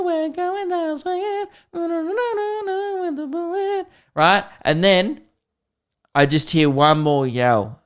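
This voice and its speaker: A man's voice: on the high side, clean tone. A young man, a comedian hosting his podcast, telling a funny story and acting out both sides of the chat. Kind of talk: storytelling monologue.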